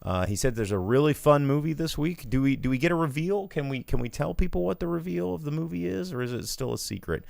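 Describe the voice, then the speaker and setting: A man's voice: a little high, animated, quick pace, gravelly, few pauses, darkish tone, no room sound. A man hosting a casual movie podcast, rambling and sarcastic as he talks through box office numbers. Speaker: podcast host.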